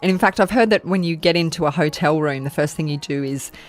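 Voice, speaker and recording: Low-voiced woman hosting an interview. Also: fast. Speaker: podcast host. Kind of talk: interview questions.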